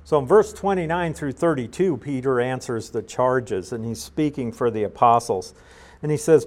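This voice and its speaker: A man's voice: medium pitch, a little mellow. Man teaching scripture verse by verse. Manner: measured, explanatory, with frequent uhs and restarts. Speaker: Bible teacher.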